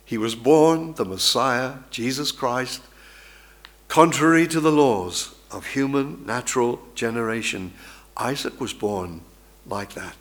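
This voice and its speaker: A man's voice: medium pitch, a little slow. A male preacher giving an emphatic sermon with dramatic storytelling.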